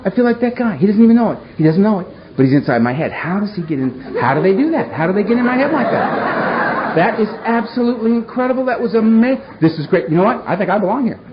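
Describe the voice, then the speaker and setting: High-voiced man telling a recovery story. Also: lively intonation, muffled recording, a crowd in the background, noisy background. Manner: repetitive, playful, rapid-fire phrases; earnest, heartfelt. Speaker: recovery meeting speaker. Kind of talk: personal storytelling talk.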